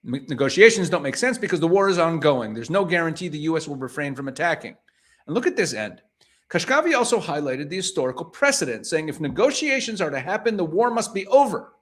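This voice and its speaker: A man's voice: fairly high pitch, sing-song, quick pace. A man reading news items aloud and commenting on them, paraphrasing each passage pointedly and asking rhetorical questions.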